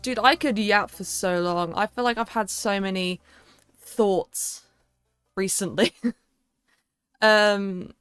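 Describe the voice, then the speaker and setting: A woman's voice: medium pitch, fairly bright tone, dry recording. A young woman with a southern English accent, chatting casually and rambling with a lot of fillers on a livestream. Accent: southern English, London area. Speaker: streamer.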